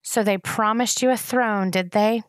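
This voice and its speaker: A woman reading aloud voices a calm, distant young queen in a storybook. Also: mid-range voice, a little slow, dry recording, studio quality, natural voice.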